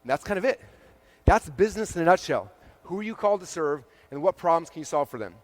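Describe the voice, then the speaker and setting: A middle-aged man speaks quickly in a slightly raised voice, pushing a motivational message to a live audience. He talks casually, full of fillers, and keeps checking in with the crowd. The sound is dry, with little room echo. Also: fairly high pitch. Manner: energetic, conversational, many fillers and "okay?" checks. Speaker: keynote speaker at a marketing event. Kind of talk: motivational stage talk. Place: event stage before a live audience.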